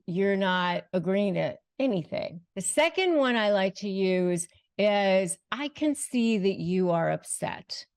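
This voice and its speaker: A woman hosting an advice video, speaking emphatically and slowing down to stress key phrases. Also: medium pitch. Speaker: host giving advice. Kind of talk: direct-to-camera advice talk.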